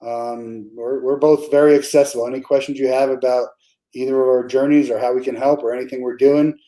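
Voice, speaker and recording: A man's voice: mid-range voice, level tone, brisk, warm tone, low-quality recording. A man hosting a podcast interview, chatting casually, with frequent restarts and fillers. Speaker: podcast host.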